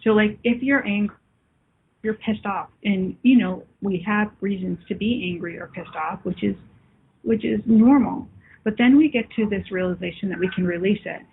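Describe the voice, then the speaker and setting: A woman hosting a spiritual call-in show, chatting warmly with callers and viewers and calling them love. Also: medium pitch, normal speed, gravelly, a little hiss or hum. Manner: warm, affectionate, calls people love. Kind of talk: live call-in talk with viewers. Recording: phone-like lo-fi line.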